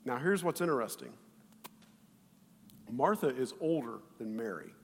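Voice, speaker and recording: A man pastor preaching a sermon in an animated way, with loud bursts and quiet asides, acting out the quoted voices. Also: mid-range voice, a little slow, vocal fry, husky, long reverb tail.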